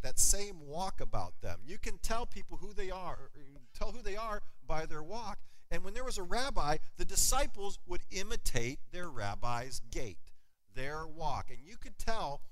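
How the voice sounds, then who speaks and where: Middle-aged guy preaching, voice swings up and down a lot, kinda high, drags out the big words. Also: rough recording. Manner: animated storytelling preacher, slows for emphasis. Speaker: pastor. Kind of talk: sermon.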